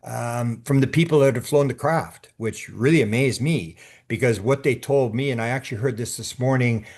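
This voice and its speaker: A man's voice: medium pitch, a little mellow. A man speaking as a guest on a podcast, telling stories in a loose, conversational way. He stumbles and restarts often, doubling back on his words, and slips into acting out what people said. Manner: halting, with frequent restarts and repeated words; acts out quoted speech in his stories. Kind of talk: casual interview storytelling.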